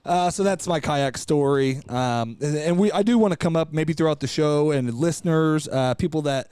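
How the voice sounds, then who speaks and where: A man tells a long, rambling story on a studio podcast, cussing freely and getting animated. His voice sits fairly high for a man. The sound is dry and close. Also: moderate pace, smooth, dry recording. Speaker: podcast co-host. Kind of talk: casual storytelling chat.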